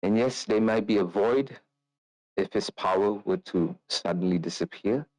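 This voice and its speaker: An ailing old noblewoman, shrewd and secretive, pleads in formal, measured phrases, as a man with a low voice puts her on a few steps above his own. She has little strength left, but she is resolute. The recording is close and dry. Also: darkish tone, no echo, close to an everyday voice, poor audio. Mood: grave. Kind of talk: tabletop role-play.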